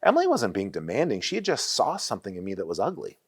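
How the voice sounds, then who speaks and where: Animated man preaching a sermon. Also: lowish voice, quick pace, husky. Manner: animated storytelling with frequent restarts. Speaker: pastor. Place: church sanctuary.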